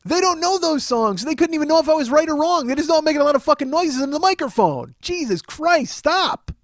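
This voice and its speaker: A man's voice: very high-pitched, lively intonation, a little fast, dry recording. A man in his forties hosting a comedy podcast, rambling and self-mocking as he chats and swears freely. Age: 40s. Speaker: podcast host. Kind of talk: casual comedic podcast chat.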